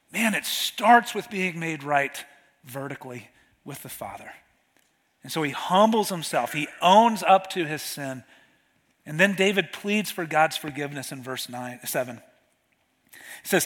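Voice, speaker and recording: High-voiced man preaching in a reverberant hall. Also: fairly bright tone. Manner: conversational preaching, slows for scripture reading. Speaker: pastor. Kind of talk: sermon.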